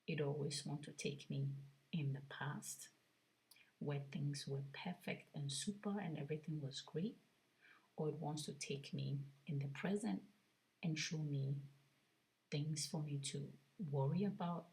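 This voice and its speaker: Woman vlogging, low voice, soft and half whispery, earnest, reflective. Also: measured pace, rough recording. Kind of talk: personal spiritual testimony.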